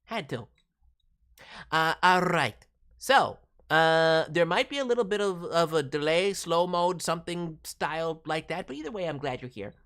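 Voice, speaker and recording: Playful woman streamer with a lively voice. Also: on the low side, moderate pace. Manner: playful, bouncy, teasing. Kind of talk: casual live-stream chat.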